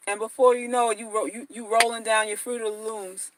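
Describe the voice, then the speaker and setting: A woman's voice: on the high side, little pitch movement, a little fast, hardly any pauses, fairly bright tone, a little hiss or hum, low-quality recording. A woman dating-advice vlogger talking casually and bluntly to viewers, slangy, mocking and repetitive.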